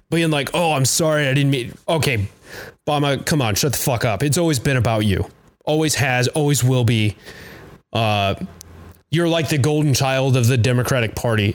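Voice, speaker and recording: A man hosting his own podcast, ranting loosely with lots of swearing, fillers and restarts. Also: mid-range voice. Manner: loose, profane and halting, with many fillers and restarts. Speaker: podcast host. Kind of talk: profane political rant.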